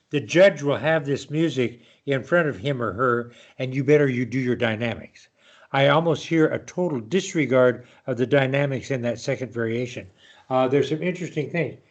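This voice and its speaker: A man's voice: mid-range voice, moderate pace. An older man giving a patient online piano lesson, explaining rhythm and counting aloud. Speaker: piano teacher.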